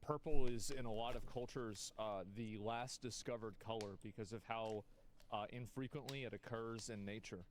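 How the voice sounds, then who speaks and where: Man, lower voice, casual explainer over faint background noise. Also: steady tone, moderate pace. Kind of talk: casual commentary over a video.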